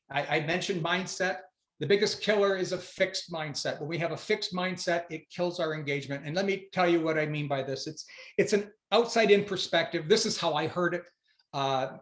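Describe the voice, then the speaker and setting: A man giving a motivational keynote speech, emphatic and energetic, telling stories to make his points. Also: a little high. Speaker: keynote speaker. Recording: roomy echo.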